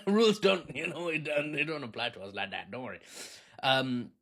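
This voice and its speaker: Lively joking man telling a story. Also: mid-range voice, moderate pace. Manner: joking, lively, laughs at own asides, puts on silly accents. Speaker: host. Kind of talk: casual storytime commentary.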